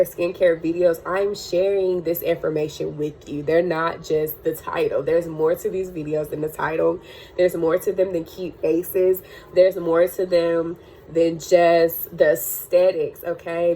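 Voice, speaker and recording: A woman's voice: fairly low pitch, a little mellow, slight background noise. A young woman talking bluntly and with swearing in an emotional personal vlog, teary at times, about getting through hard times. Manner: blunt, profane, preachy, tearful at times. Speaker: crystal healing channel owner.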